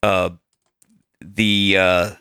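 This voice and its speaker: A man's voice: low voice, level tone, drawn-out words, gravelly, sharp tone, clean tone, no echo, studio quality. A man on a podcast panel, telling a joking story in casual chat. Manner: playful, spins a joking story.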